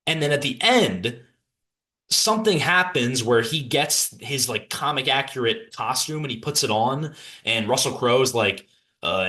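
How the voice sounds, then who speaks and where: A man's voice: mid-range voice, moderate pace. A young man hosting a podcast, ranting through a casual film review with lots of restarts and asides. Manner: animated, frequent restarts, rambling asides.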